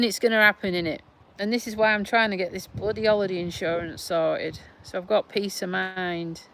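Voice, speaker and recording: Her mid-range voice sounds pushed and bright, with a little hiss or hum in the recording. The middle-aged Lincolnshire woman, who has a South Yorkshire twang, livestreams from her back garden, rambling slowly and sighing as she answers viewers' comments.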